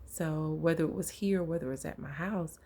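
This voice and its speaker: A woman preaching an informal sermon, telling a personal story in a conversational, lively way. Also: low-pitched, fairly quick, husky.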